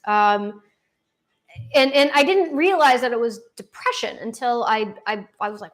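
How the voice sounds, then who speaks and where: A woman's voice: on the high side, a little slow. A young woman chatting casually and rambling on a livestream from home, with lots of fillers and restarts. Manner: swears casually, self-deprecating humor. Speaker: livestream host. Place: at home with her dog. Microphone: laptop.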